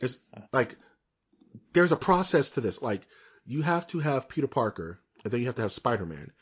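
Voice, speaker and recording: A young man with a husky voice rants in casual podcast chat, animated and quick to laugh. His pitch sits in an ordinary middle range. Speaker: podcast co-host.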